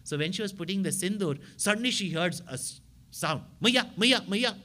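A man delivers a storytelling sermon as a spiritual teacher. He talks in an animated way and keeps checking in with his listeners through short tag questions. His voice sits somewhat above the usual male pitch. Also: brisk.

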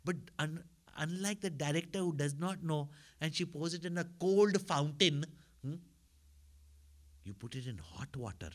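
A man's voice: fairly high pitch, lively intonation, moderate pace. A man telling a story as a spiritual teacher, in a chatty manner that keeps checking in with his listeners. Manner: conversational, asks listeners for agreement.

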